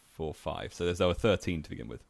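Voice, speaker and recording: A man's voice: low-pitched, lively intonation, fast talker, gravelly. A young man co-hosting a casual podcast and running a quiz, with dry, wry remarks. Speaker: podcast co-host and quizmaster. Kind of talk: casual chat.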